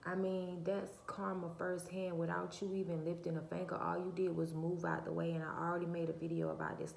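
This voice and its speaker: A soft-spoken woman talking to her viewers in a casual, preachy monologue full of rhetorical questions. Her voice is low and cracking. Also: gravelly, roomy sound. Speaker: channel host. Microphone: phone or camera mic, her own mic uncharged.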